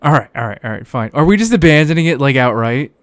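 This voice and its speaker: A man co-hosting a livestream, reading a text aloud and then talking casually with many fillers, quick to laugh and act exasperated. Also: medium pitch, lively intonation, no echo. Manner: fast filler-heavy talk, laughing and exasperated.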